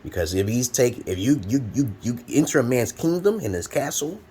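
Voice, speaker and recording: A man's voice: mid-range voice, very animated, normal speed, warm tone, a little hiss or hum. A man in his forties from Brooklyn, New York, giving rambling advice in a blunt, profane, preachy monologue at home. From Brooklyn, New York, USA. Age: 40s. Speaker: advice vlogger. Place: home room. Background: fan running.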